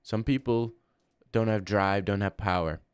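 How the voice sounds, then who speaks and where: Deadpan young male streamer, crude banter. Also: lowish voice, unhurried, clean tone, no room sound, studio quality. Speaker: livestreamer. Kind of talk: casual livestream chat.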